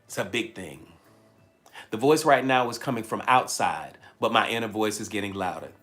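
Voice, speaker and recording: Black guy coaching live, punchy repeats, soft music under him. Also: fairly low pitch, normal speed. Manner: emphatic, repeats phrases, reads viewer comments aloud. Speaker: life coach. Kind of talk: livestream motivational talk. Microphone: handheld mic.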